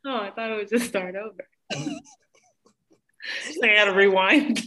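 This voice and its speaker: A woman's voice: medium pitch, wildly swooping pitch, a little slow, bright, forceful tone. A woman co-hosting a podcast in casual, playful chat, laughing often. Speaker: podcast co-host.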